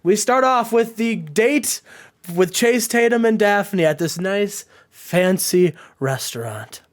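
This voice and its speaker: A man's voice: high-pitched, expressive, slow. A man hosting a casual let's-play, rambling as he tells a game story and laughing often. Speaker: host.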